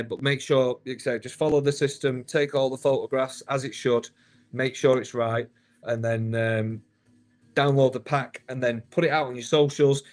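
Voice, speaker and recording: A man, hosting a live stream, chatty and upbeat, calling viewers "mate". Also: medium pitch. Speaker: host.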